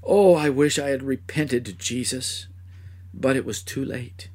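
A man playing a remorseful betrayer in a dramatic first-person monologue, speaking with a husky voice and crying out in anguish. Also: mid-range voice, a little slow, darkish tone, lightly acted. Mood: regretful. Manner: impassioned, cries out in anguish. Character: remorseful man who betrayed his master.

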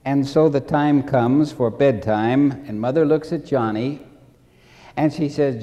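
A man preaching a sermon with slow, deliberate delivery, repeating key phrases and acting out stories. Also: mid-range voice, warm tone, big-room sound.

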